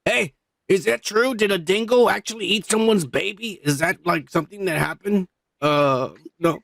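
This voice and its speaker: A man co-hosting a podcast, reading out comments in a rambling, profane, joking way while high. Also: moderate pace, vocal fry, a bit bright, no echo. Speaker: podcast co-host. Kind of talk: casual chat reading comments.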